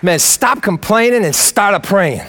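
A man preaching a sermon as pastor, swinging between loud emphatic lines and low quiet ones, with casual slang. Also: lively intonation, measured pace, a faint crowd.

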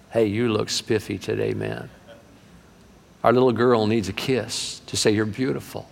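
A middle-aged male pastor preaching a sermon in a church, folksy and animated, slipping into acted-out voices. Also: lowish voice, creaky. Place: church sanctuary. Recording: long reverb of a large hall.

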